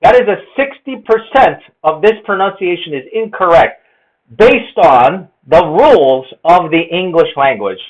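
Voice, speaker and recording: A man's voice: a little high, highs cut off. A man giving an explanatory monologue, lecturing and methodically counting errors. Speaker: presenter.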